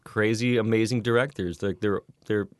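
A man in his thirties from Texas, a podcast guest telling stories in a loose, animated way, swearing freely and restarting his sentences. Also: on the low side, moderate pace, no echo, clean studio sound. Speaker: guest actor and musician. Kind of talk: casual podcast chat.

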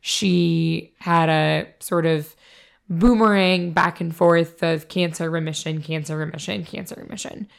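A woman co-hosting a podcast, hoarse from a cold, talking casually and bluntly with lots of fillers and swearing. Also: low-pitched, fairly even intonation, unhurried. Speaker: podcast co-host. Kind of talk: casual chat.

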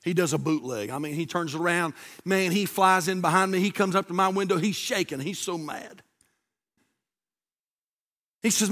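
A man, a pastor telling a folksy, animated story in a sermon. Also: high voice, moderate pace, pauses often.

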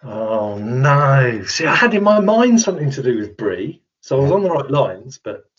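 A man's voice: mid-range voice, sing-song, moderate pace. A man co-hosting a podcast, talking in joking, chatty banter. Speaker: podcast co-host. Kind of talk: casual chat. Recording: dull lo-fi sound.

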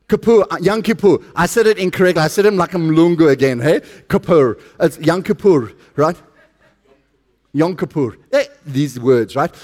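A middle-aged man with a South African accent preaching a sermon, chatty and joking with the congregation. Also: fairly high pitch. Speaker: pastor.

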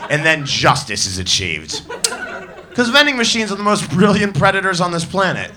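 A young man doing a stand-up set, telling stories with wry, deadpan asides. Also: high voice, moderate pace, crowd noise. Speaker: stand-up comedian.

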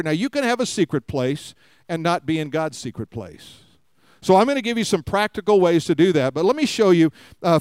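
A man's voice: high-pitched, clear, resonant tone, dry recording. A man preaching a conversational sermon to a live congregation, often asking them questions. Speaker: pastor. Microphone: live-streamed service mic.

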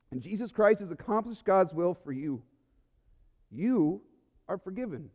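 Male pastor, high voice, heartfelt sermon, muffled sound in a reverberant church. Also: animated, unhurried, long pauses. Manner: earnest, emotional preaching with soft, quiet lows.

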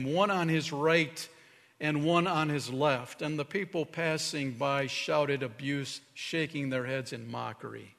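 Male pastor preaching in a reverberant hall. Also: fairly high pitch. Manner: earnest preaching, drops to a hushed tone for emphasis. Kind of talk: sermon.

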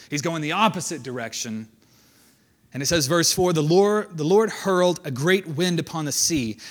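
A man preaching a conversational sermon, reading scripture aloud and then commenting on it in a casual way. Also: on the high side.

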